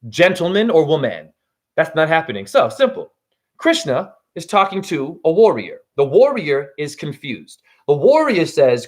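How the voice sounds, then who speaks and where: A man in his forties giving a livestream monologue to his chat, swinging from low preaching to high shouts and swearing freely. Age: 40s. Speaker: spiritual teacher.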